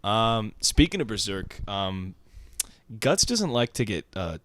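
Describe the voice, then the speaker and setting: A man's voice: on the low side, very animated, takes it slowly, a bit bright, no echo. A young man co-hosting a casual podcast chat, rambling with lots of fillers and slipping into mock-heroic speeches. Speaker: podcast co-host.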